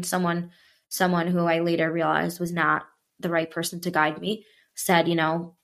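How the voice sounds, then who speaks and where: Woman guest, lower voice, lively storyteller who acts out quotes. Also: a little fast. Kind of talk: casual storytelling chat.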